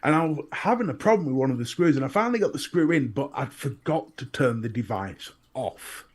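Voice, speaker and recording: A man with a Northern English accent, co-hosting a casual chat and telling animated stories with plenty of swearing. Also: medium pitch, a little fast. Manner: animated storyteller, swears freely. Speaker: podcast co-host.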